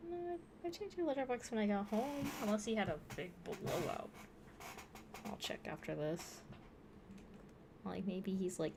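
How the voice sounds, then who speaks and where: A woman streaming her drawing from home, chatting casually to herself with soft laughs and cooing baby talk to her cat. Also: medium pitch, creaky, noisy background. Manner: rambling self-talk with frequent soft laughs. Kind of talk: casual chat while drawing.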